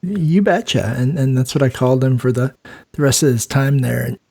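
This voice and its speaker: A man's voice: medium pitch, level tone, a little fast, vocal fry, dark tone. A man, the host of a nursing podcast, telling work stories casually and laughing often. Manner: laid-back, laughs often, acts out quoted voices. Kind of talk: casual storytelling chat.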